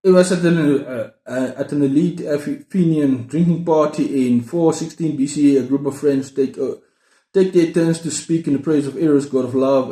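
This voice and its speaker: A man's voice: medium pitch, warm tone. A man in his thirties chatting casually about books in a rambling, self-mocking way, full of restarts. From South Africa. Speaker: book vlogger. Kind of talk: casual book-haul chat. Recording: roomy echo.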